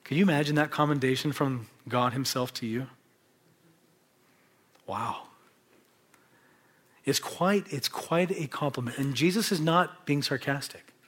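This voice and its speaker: A middle-aged man preaching a sermon, stressing words hard and then dropping to a hush. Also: mid-range voice, a little slow, long pauses, breathy edge. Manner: emphatic, dramatic shifts between loud stress and hushed whispers.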